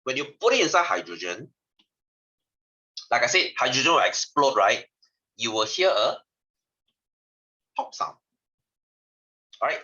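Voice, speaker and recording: This science tutor, a man with a Singaporean English accent, teaches an online class over a video call in a fairly low, pushed and bright voice. He's chatty and teases his students, often capping sentences with "lah." The video call audio sounds dull and lo-fi.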